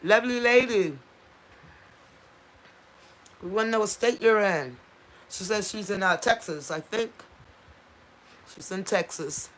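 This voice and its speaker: A woman's voice: medium pitch, a little slow, long pauses, fairly bright tone, a little hiss or hum. A woman hosting a casual livestream, chatting with viewers and reading out their comments, tripping over unfamiliar place names. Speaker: channel host.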